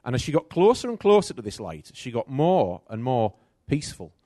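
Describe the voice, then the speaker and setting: A middle-aged man preaching a sermon, telling a personal story with animated swings between loud and soft. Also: medium pitch, brisk, dry recording, clean studio sound.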